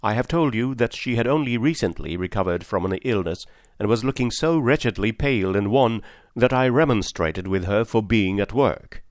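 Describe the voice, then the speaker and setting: A man narrating a story aloud in a measured, formal manner. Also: on the low side, lively intonation, no echo, clean studio sound. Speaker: audiobook narrator. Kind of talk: scripted narration.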